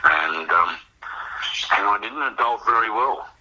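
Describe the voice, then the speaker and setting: A man's voice: fairly low pitch, animated, measured pace, pushed and bright, muffled recording. An older Australian man telling a personal recovery story in a rambling, reflective way, often repeating words as he goes. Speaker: guest sharing recovery story.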